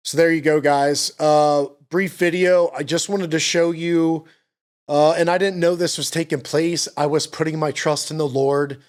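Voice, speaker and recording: A middle-aged man, tearful and choked up, giving an earnest faith testimony on his podcast and repeating himself as he speaks. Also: a little high. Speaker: podcast host.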